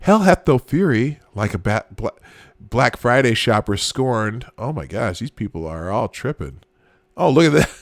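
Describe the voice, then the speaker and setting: A man's voice: medium pitch, big pitch swings, moderate pace, dry recording. A man hosting a casual live show, reacting to online posts with frequent exclamations and laughter. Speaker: host.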